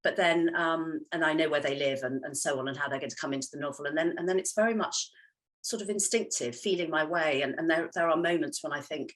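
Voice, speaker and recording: A woman's voice: low voice, fast talker, fairly bright tone. A woman novelist chatting in an interview, hesitant with many ums and laughing often. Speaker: novelist guest. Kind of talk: casual interview chat.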